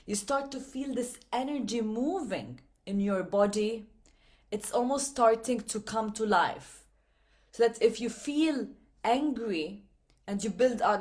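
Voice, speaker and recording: A woman's voice: fairly high pitch, measured pace, a little mellow. A woman hosting a self-help talk, speaking earnestly to her viewers, repeating phrases for emphasis and acting out inner voices. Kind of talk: motivational talk to camera.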